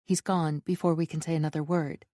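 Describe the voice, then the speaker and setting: A woman narrating a first-person romance audiobook in an even, measured reading. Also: sits low, no room sound, studio quality.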